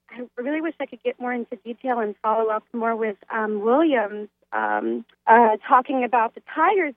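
Female phone-in guest, chatty and filler-heavy, fairly high voice on a tinny line. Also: dry recording. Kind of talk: phone interview.

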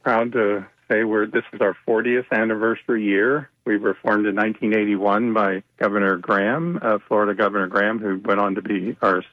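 Male guest, lowish voice, earnest explainer, dry muffled remote line. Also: steady tone, brisk, few pauses, dry recording. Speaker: nonprofit executive director, guest. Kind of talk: radio interview.

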